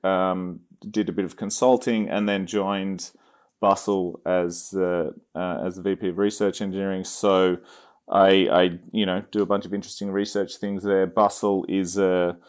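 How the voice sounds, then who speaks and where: A man with a mild Australian accent speaks in a fairly low voice. He is a podcast guest describing his work. He talks loosely, with plenty of ums and restarts. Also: normal speed. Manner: relaxed, rambling with fillers and restarts. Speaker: podcast guest, engineering executive. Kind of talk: casual interview chat.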